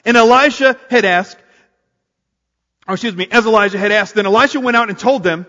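A man preaching a sermon to a congregation, energetic and calling on them to answer back. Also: sits high, brisk, long pauses, lo-fi sound. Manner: energetic, calls on the congregation to respond. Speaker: pastor. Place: church sanctuary. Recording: long hall reverb. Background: congregation responding.

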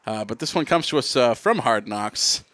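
A man's voice: medium pitch, animated, normal speed, a bit bright, dry recording. A man co-hosts a laid-back sports podcast. He jokes with a sarcastic edge while he sets up each segment. His voice is recorded close and dry. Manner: jokey, sarcastic, introduces segments. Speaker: podcast co-host. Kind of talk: casual chat.

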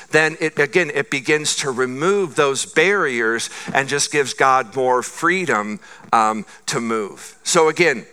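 A man's voice: a little high, sharp tone, clear, resonant tone. A middle-aged male pastor preaching a conversational sermon, often circling back with "again".

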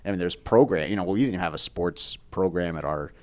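A man's voice: deep voice, fairly quick. A man in sports communications, chatting loosely on a podcast. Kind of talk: casual chat.

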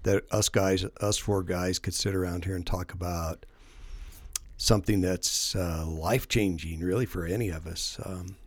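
A man's voice: low voice, steady tone, normal speed, no room sound. A man hosting a casual faith-based podcast, telling rambling, self-deprecating stories. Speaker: podcast host.

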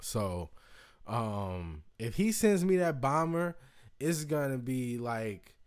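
Man, casual vlog chat, mid-pitched voice, rambling, cussing, sudden high whoops. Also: slow, clear, resonant tone. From Indiana, United States. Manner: rambling and profane, with excited whoops and jumps into a high voice. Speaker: vlogger.

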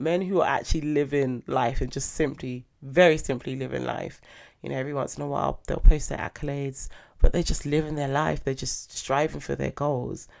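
A young woman talks casually on her podcast in a low, gravelly voice. She is chatty and animated, with sudden excited jumps in pitch. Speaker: podcast host.

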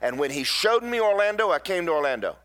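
Folksy pastor preaching. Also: male voice, sits high, big pitch swings, quick pace, a bit bright. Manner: folksy storytelling with emphatic bursts. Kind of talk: sermon.

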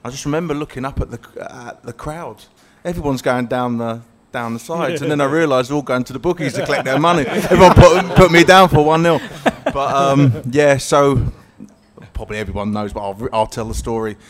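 A man, a former footballer, telling an animated story on stage and laughing through it. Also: mid-range voice, fairly quick. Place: live event with an audience.

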